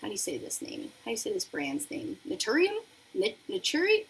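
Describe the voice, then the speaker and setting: Medium in pitch but swooping wildly up and down, this young woman's slightly mellow voice has vocal fry and moves at a normal speed. She hosts a casual beauty livestream in her apartment, chatting bubbly while doing makeup and reading viewer messages aloud. On the poor audio, a radiator in the room hisses faintly.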